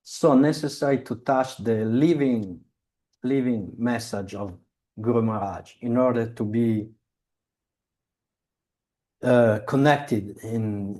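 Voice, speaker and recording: Guy on a zoom call, super slow, keeps restarting and hunting for words. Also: fairly low pitch, mellow. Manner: halting, searching for words, many restarts. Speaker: speaker on a devotional video call. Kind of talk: slow reflective talk. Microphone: video call.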